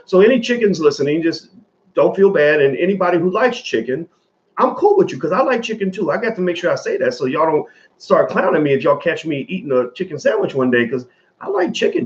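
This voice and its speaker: Lively fortysomething guy ranting to his viewers, kinda high voice, swears a lot, muffled lo-fi sound. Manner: animated, rambling, swears freely, talks straight to viewers. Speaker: commentator. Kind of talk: casual commentary to camera.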